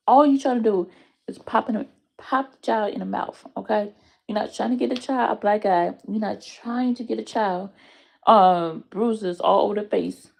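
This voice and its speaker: A woman with tells a casual story in a gravelly, mellow mid-pitched voice. She is animated and swears freely, leaping up in pitch when she acts out quotes. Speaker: aunt telling a story.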